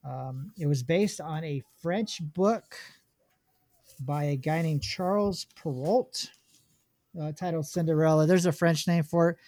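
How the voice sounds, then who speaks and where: A man's voice: a little high, unhurried, darkish tone, no room sound. A man hosting a casual podcast chat, reading film notes aloud with many ums and restarts. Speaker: podcast host.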